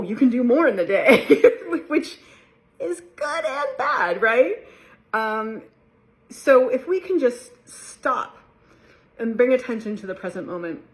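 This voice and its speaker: Laid-back chatty woman. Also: mid-range voice. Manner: relaxed, chatty, laughs often, playful quoted voices. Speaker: mindfulness vlogger. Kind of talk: casual talk to camera.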